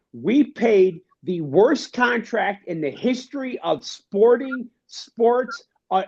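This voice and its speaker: A man's voice: high voice, darkish tone. Give me a fired-up, ranting male sports co-host, in dull lo-fi sound. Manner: fired-up, ranting, repeats himself. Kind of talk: sports talk.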